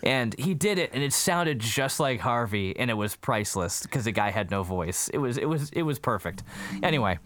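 A man co-hosting a casual chat, recapping a film and acting out its quotes. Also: normal speed. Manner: animated storyteller, acts out quotes with jumpy pitch.

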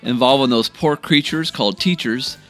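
A man hosting a podcast and reading the closing thanks with a bright, forward tone. Faint guitar music plays behind him. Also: mid-range voice, moderate pace. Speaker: podcast host. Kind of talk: show outro.

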